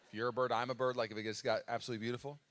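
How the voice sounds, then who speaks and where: A man's voice: medium pitch, flat delivery, very fast, fairly bright tone. A man preaching a sermon as pastor at a live church service, telling a story in a casual way with fillers.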